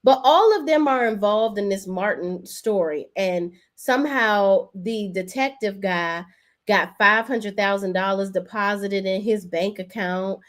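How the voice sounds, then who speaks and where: A woman's voice: medium pitch, a little slow. Chatty woman recapping soaps to her chat. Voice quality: chatty, animated, talks to chat directly. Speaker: host. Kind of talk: casual live-stream soap opera recap.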